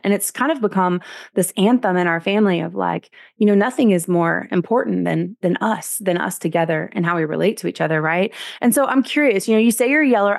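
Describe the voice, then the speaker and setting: A woman hosting a podcast, telling a personal parenting story in a candid, animated, self-deprecating way. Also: medium pitch, vocal fry, no echo, studio quality. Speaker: podcast host.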